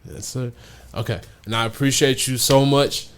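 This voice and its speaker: Laid-back St. Louis podcast host. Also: male voice, mid-range voice, steady tone, moderate pace, fairly bright tone, smooth. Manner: laid-back, hypes the show with slang. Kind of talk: casual podcast chat.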